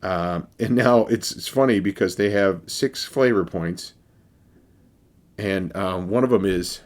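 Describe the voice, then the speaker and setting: Low-voiced man rambling through a beer review. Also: measured pace. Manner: rambling, wry, many fillers. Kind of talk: casual beer review vlog.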